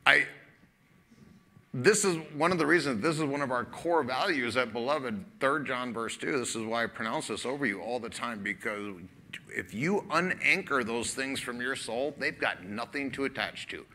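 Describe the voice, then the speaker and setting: A man's voice: mid-range voice, moderate pace, a little hiss or hum. A man pastor preaching a sermon, telling a story conversationally and acting out both sides of the dialogue. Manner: animated storytelling, acts out dialogue; casual, conversational preaching with fillers.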